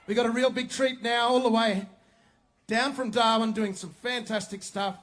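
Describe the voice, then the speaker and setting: A man, an MC loudly teasing and hyping up a festival crowd. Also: very high-pitched, fairly even intonation, moderate pace. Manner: loud, teasing, call-and-response. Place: outdoor festival stage.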